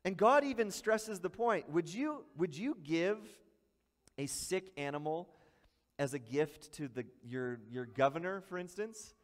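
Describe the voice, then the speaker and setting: A man's voice: a little high, lively intonation, unhurried, long reverb tail. A male pastor preaching a sermon in a conversational way, acting out short asides.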